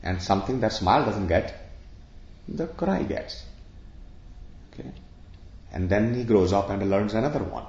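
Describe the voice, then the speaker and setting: Low-voiced man giving a spiritual talk. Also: brisk, a little mellow. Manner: conversational, explaining with examples and questions. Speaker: spiritual teacher. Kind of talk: spiritual discourse to a live audience. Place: room with an audience of about sixty. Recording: echoey room, dull lo-fi sound.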